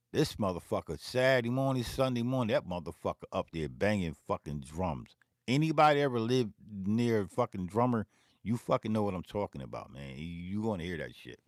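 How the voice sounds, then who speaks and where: A man from talks in a casual, profane ramble, repeating phrases as he tells a story in his own studio. His voice sits a little low and the sound is close and dry, with no room around it. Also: no room sound. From Philadelphia. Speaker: beatmaker and vlog host. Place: home music studio.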